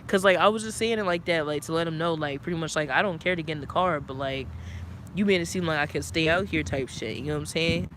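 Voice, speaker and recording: A man's voice: on the high side, fast talker, rough recording. A man telling a long story to a livestream in a rambling way, full of filler words and swearing. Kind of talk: casual storytelling. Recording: loud wind noise on the mic.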